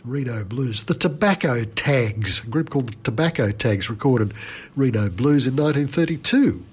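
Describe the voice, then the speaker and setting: A man's voice: mid-range voice, animated, normal speed, breathy edge. A male radio presenter introducing recordings with wry, amused asides. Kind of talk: relaxed music radio links.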